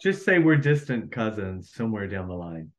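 A man's voice: lowish voice, big pitch swings, normal speed. A man who is an actor, a guest on a podcast, chatting casually and agreeing readily. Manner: easygoing, agreeable, affirms often. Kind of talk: casual chat.

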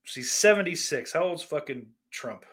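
A man's voice: a little high, expressive, normal speed, a bit bright, slightly rough. A man hosting a podcast, reading out listener questions in a rambling, profane and sardonic way. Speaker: podcast host.

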